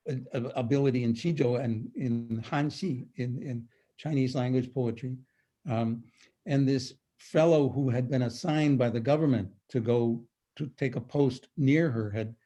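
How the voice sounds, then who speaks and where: An older man giving a poetry lecture over a video call, reading verses slowly and dramatically before explaining them. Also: mid-range voice, warm tone.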